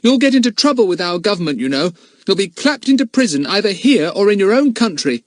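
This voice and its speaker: A man's voice: high-pitched, very animated, slow pace, dry recording, studio quality, voice pushed up, full character voice. A man voicing a fiery, defiant British schoolboy, speaking in a raised, indignant voice. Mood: furious.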